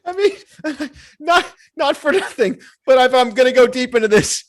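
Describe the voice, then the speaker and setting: A man's voice: very high-pitched, lively intonation, normal speed. A man co-hosting a casual podcast, telling rambling, jokey stories. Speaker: podcast co-host. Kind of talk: casual chat.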